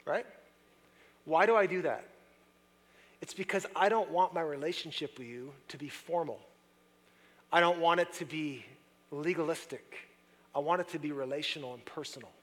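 A man's voice: on the high side, normal speed, long pauses. Man preaching in a reverberant hall. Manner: conversational, swings between soft hushed passages and loud excited ones. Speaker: pastor. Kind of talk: sermon. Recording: long reverb of a large hall.

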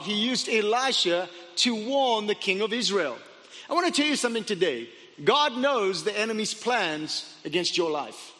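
Man preaching, high-pitched, sharp bright tone, lively storytelling, long hall reverb. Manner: animated storytelling, dramatic asides, stammering restarts. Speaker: pastor. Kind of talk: sermon.

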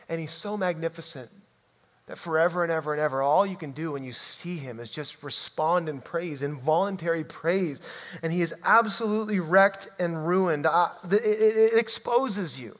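A man preaching a sermon in a church, emphatic and swinging from loud to hushed. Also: a little high, normal speed. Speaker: pastor. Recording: long reverb hall.

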